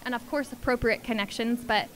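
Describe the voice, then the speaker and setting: A woman's voice: on the high side, fairly quick, fairly bright tone, a little hiss or hum. A woman in the audience sharing a spontaneous comment, thinking aloud hesitantly with many ums. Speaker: audience member.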